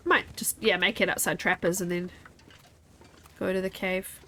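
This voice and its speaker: A woman's voice: fairly low pitch, fairly even intonation, normal speed, pushed and bright, a little hiss or hum. A young woman streaming a game, chatting casually with her viewers while sleepy and yawning. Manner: chatty, rambling, talks to chat. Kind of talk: casual gameplay chat.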